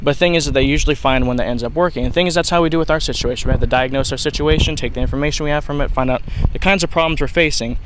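A man's voice: fairly high pitch, rapid-fire, few pauses, a bit bright, slight background noise, low-quality recording. A young man explaining ideas in an unscripted video lesson, rambling with frequent restarts and fillers. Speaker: video lecturer.

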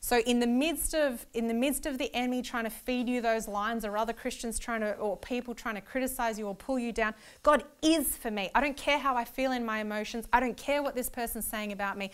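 A woman giving an earnest church lecture on Bible meditation, stressing key words again and again, and laughing easily when she gets excited. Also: on the high side, a little fast, hardly any pauses, smooth. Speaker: Bible teacher.

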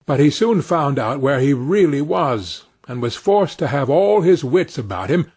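A man narrating a fairy tale for English learners in a slow, expressive storybook reading. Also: a little high, slightly rough.

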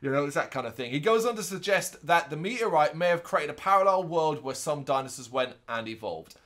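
Animated man recapping a film. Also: a little high. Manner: animated recapping, with quick asides in put-on voices. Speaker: podcast co-host. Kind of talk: casual movie review chat.

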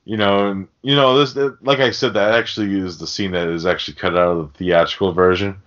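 Deep-voiced man, swearing through a rambling recap. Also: fairly even intonation, a little fast, a bit bright. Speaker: podcast host. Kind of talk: casual chat. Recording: dull lo-fi podcast audio.

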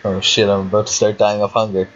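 A young man giving casual commentary while he plays a game, chatty and talking to himself, swearing now and then. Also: fairly low pitch. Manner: chatty, swears and laughs often, talks to himself. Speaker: let's player. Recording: dull lo-fi home recording with faint hiss.

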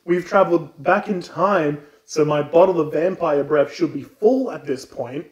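A man's voice: on the high side, normal speed, highs cut off, lightly acted. Man doing a forgetful old vampire count. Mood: exasperated. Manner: bumbling, theatrical. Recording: roomy echo.

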